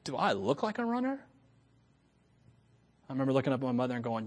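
A middle-aged male pastor preaching a storytelling sermon, moving from hushed asides to loud preaching and laughing at his own tales. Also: mid-range voice, very animated, quick pace. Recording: long reverb from a large hall.

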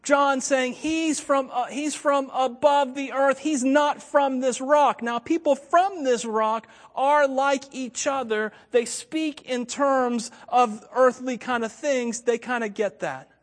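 A man's voice: extremely high pitch, fairly even intonation, slow pace, few pauses, big-room sound. A man from Florida with a slight Southern accent, preaching a sermon in a conversational way with frequent chuckles. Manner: conversational, chuckles often, asides to the audience. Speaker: pastor.

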